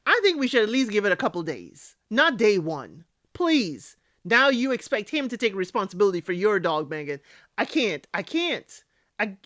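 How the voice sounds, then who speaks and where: A woman's voice: a little high, fairly bright tone, dry recording, clean studio sound. A woman hosting a casual recap of a reality TV show. She talks emphatically, scolds the people on the show directly and often tags her points with "okay?". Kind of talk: casual spoken recap and commentary.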